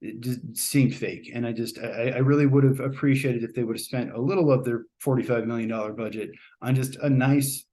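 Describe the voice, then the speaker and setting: A man's voice: medium pitch, fairly even intonation, brisk, few pauses, mellow. A man giving a casual, rambling spoken movie review, with frequent ums and uhs.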